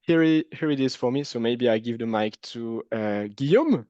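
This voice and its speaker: A man with a French accent speaks as a webinar panelist, his voice smooth and clear at an ordinary pitch. He talks in a friendly way, with small hesitations. The audio is dry and close, with the dull, lo-fi tone of a video call. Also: normal speed, a little mellow, dry recording. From France. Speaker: panelist, recruiting director. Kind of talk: webinar panel self-introduction.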